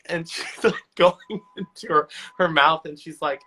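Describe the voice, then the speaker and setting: Bright-voiced male podcast host, animated. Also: fairly high pitch, a little slow, poor audio. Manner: animated, acts out quoted people with a raised voice. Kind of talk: casual chat, telling funny work stories.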